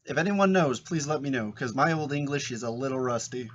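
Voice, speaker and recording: A young man co-hosting a casual podcast, giving animated, jokey commentary. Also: medium pitch, fairly quick, lo-fi sound. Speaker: podcast co-host. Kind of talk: casual chat.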